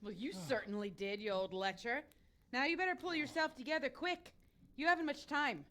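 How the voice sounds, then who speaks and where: A woman's voice: sits high, a little fast, bright, forceful tone. A scolding village woman. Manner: scolding, bossy. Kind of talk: video game voice acting.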